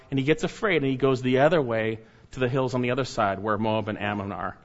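Emphatic preacher man, lo-fi sound. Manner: emphatic, swings between loud urging and low hushed warnings. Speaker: pastor. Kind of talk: sermon.

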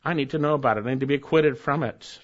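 A man preaching an expository sermon in an earnest, emphatic way, letting phrase endings fall soft and low. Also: fast talker. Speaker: pastor. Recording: dull lo-fi recording.

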